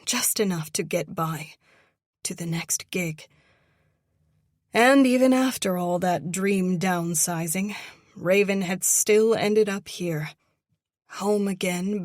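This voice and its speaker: A woman narrating an audiobook in a measured, expressive reading. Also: fairly low pitch, dry recording, studio quality. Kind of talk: scripted narration.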